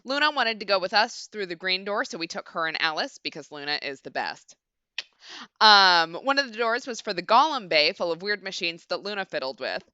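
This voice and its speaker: Bright, crisp-voiced woman streamer. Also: mid-range voice, expressive, a little fast, no room sound. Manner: chatty, swears casually, lots of fillers. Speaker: game streamer. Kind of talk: casual let's-play commentary. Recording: dull lo-fi stream mic.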